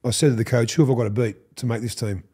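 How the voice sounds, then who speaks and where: An Australian man in his fifties, a podcast guest, telling animated stories, swearing freely and acting out what others said. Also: medium pitch, racing, breathy edge. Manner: animated, swears, acts out quoted lines. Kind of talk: storytelling interview.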